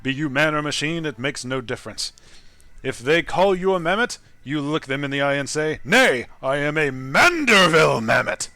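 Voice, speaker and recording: A man voicing a gentleman hero, grandiose, declaiming, bright voice, lively pitch. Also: moderate pace, no room sound, soft background music. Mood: rousing. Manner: pompous, declaiming.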